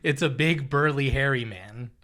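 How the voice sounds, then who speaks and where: A man's voice: medium pitch, moderate pace, fairly bright tone. A young man co-hosting a podcast, telling stories in casual chat, laughing often and acting out what people said. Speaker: podcast co-host.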